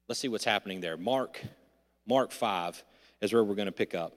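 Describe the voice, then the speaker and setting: A man preaching a sermon in a church, swinging between loud emphasis and hushed, intimate lines. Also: fairly low pitch, normal speed. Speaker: pastor. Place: church sanctuary. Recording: long hall reverb.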